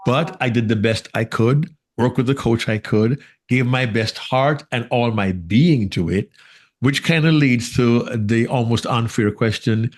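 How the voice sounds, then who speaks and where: A man with a Jamaican accent co-hosting a podcast interview, telling a lively story and laughing easily. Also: medium pitch, measured pace. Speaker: podcast co-host. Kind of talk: casual interview chat.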